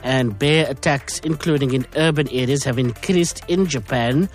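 Brisk radio host, man. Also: medium pitch, faint music behind. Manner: brisk, conversational, with frequent fillers. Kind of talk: morning radio talk show presenting.

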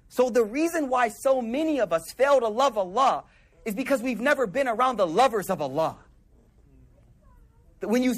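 A man giving a casual, slangy sermon and acting out quick asides in a lower voice. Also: a bit bright. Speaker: preacher.

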